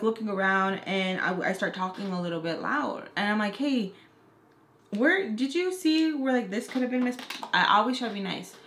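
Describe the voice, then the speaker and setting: Young woman vlogger, casual storyteller who swears and mimics her clients, mid-pitched, recorded in a roomy, echoey space. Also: background noise. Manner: chatty, profane, acts out quoted people. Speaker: makeup artist and beauty vlogger. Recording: echoey room.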